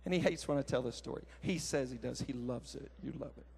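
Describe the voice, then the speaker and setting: A man, preaching a sermon with folksy personal stories, animated and breaking into shouts. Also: medium pitch, quick pace, creaky, slightly rough. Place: large conference hall.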